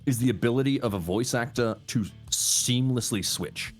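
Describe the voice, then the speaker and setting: A man's voice: medium pitch, normal speed, soft background music. A young man chatting casually as a guest with a sore throat, rambling, swearing freely and laughing often. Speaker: streamer and guest. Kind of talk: casual chat while drinking.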